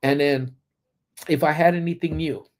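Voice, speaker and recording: A man's voice: on the high side, fairly even intonation, moderate pace. A man hosting a casual live-stream chat from a parked car, telling stories with lots of ums and turning blunt and profane when he is annoyed. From Southern California. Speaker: livestream host.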